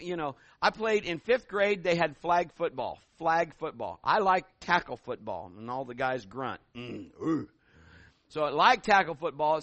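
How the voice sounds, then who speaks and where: A middle-aged man preaching a sermon as pastor, telling stories in an animated way and building to loud calls. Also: fairly high pitch, dry recording.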